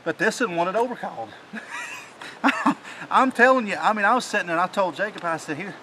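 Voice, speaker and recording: A man, excitedly telling the story of a hunt in a casual chat outdoors in the mountain woods, rambling and restarting his sentences. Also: sits high, brisk, a little hiss or hum, rough recording. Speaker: hunting channel host.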